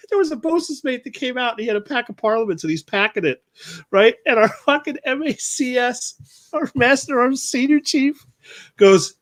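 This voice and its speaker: A man's voice: very high voice, moderate pace, fairly bright tone, no room sound. A man co-hosting a casual podcast, telling crude, profanity-filled Navy stories and laughing often. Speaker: podcast co-host; Navy veteran.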